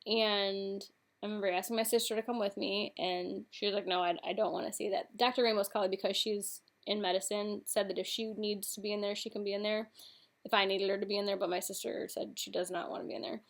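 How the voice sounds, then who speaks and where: A woman's voice: medium pitch, level tone. A young woman casually telling a personal story in a vlog, chatty and full of fillers. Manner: chatty, frequent fillers and "like", recounts in quick sequence. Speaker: vlogger.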